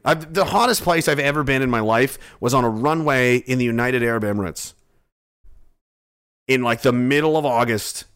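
A man ranting in a rambling, sarcastic comedy monologue, swearing often. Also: mid-range voice. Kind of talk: profane comedic rant.

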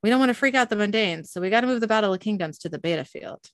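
A woman's voice: mid-range voice, very fast, no room sound, lightly acted. A woman voicing a pompous male game organizer who makes officious announcements.

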